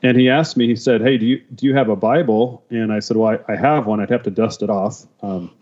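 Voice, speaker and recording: A man tells his faith testimony as a podcast guest, stumbling and restarting as the emotion comes through. His voice is low and mellow. The recording sounds a little dull and muffled. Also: steady tone. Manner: emotional, halting, many restarts. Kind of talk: personal testimony.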